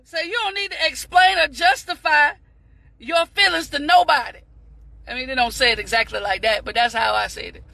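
A woman giving an impassioned motivational talk on a live stream, repeating phrases and breaking into shouts. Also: extremely high pitch, dry recording. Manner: fervent, preachy, repeats phrases, bursts into shouts; addresses viewers as "beautiful people".

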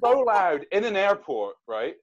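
A man, a guest actor, telling an animated story in a casual interview, with hesitant restarts. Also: mid-range voice, brisk, low-quality recording.

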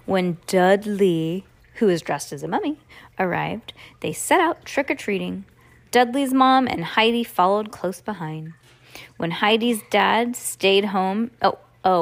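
A woman's voice: lowish voice, normal speed, creaky. A woman reading a children's book aloud at home, casually stopping to comment and restart lines. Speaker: reader.

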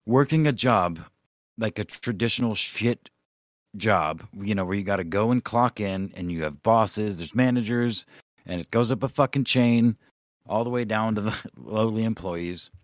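A man's voice: fairly low pitch, unhurried, dry recording, studio quality. A man co-hosting a podcast in casual chat, ranting with lots of swearing and rambling asides. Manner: profane, rambling rants. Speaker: podcast co-host.

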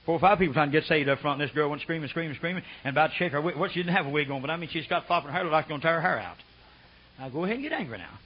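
An older preacher with a husky, somewhat high voice delivers a fervent, rambling sermon. He drops to low murmurs and then climbs into shouted high bursts. The recording sounds dull and lo-fi. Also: lively intonation, rapid-fire. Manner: rambling, folksy storytelling.

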